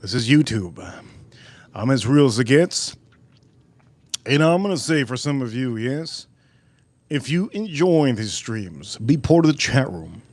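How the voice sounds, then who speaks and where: A man's voice: mid-range voice, big pitch swings, unhurried, long pauses, darkish tone, dry recording. A man casually hosting a live stream, joking loosely and talking to viewers in the chat.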